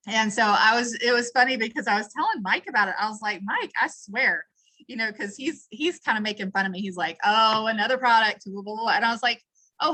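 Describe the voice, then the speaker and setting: Bright, chatty woman on a call. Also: medium pitch, poor audio. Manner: chatty, enthusiastic, rambling. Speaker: team leader presenting a product. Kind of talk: casual live video call.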